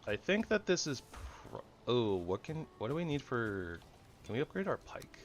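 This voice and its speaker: A man giving goofy, rambling commentary over his own gameplay, jumping between loud excitement and soft mumbling. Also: medium pitch, normal speed, faint music behind. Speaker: gaming channel host.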